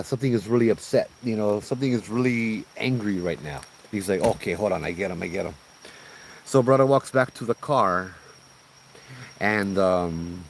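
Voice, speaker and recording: A man with a fairly low voice tells an animated, casual ghost story on a forest trail at night. He drops slang and laughs now and then as he talks. Crickets and insects chirp faintly behind him. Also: a little hiss or hum, poor audio. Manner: animated, laughs while telling, uses slang like bro. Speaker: ghost tour guide telling a story.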